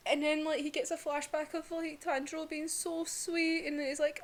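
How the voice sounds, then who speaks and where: Woman, young adult, slightly high-pitched, chatty and emotional, lots of "like", swears casually. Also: fairly even intonation, moderate pace, hardly any pauses. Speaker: manga reviewer. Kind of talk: casual reaction review.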